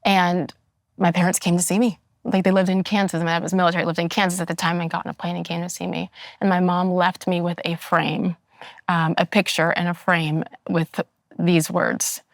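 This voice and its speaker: A woman's voice: on the low side, flat delivery, normal speed, vocal fry, no room sound, clean studio sound. A woman hosting an interview show, talking in a reflective, personal way. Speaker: host. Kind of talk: conversational interview.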